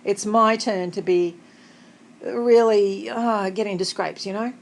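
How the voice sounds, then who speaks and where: A woman's voice: medium pitch, steady tone, takes it slowly, creaky, rough recording. An Australian woman chatting in a rambling, conversational way in a personal vlog, often laughing, sitting up in bed in a hotel room. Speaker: vlogger.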